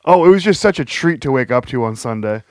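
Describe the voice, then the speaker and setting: A man in casual podcast banter, quick to laugh and to throw in silly voices. His voice sits at an ordinary middle pitch. The sound is dry and close, with no room echo. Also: animated. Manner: joking, laughs often, drops into goofy impressions. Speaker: podcast co-host. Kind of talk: casual chat.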